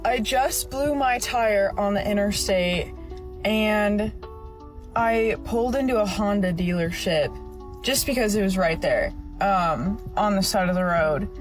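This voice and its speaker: A woman's voice: medium pitch, a little slow, soft background music. Chatty woman telling a roadside story. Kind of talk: casual storytelling vlog.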